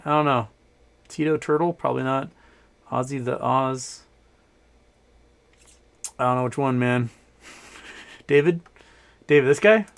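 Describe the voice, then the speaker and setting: A man's voice: mid-range voice, a little slow, gravelly, long pauses. A middle-aged man hosting a casual live stream from home, rambling and reading chat aloud with frequent laughs. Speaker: livestream host.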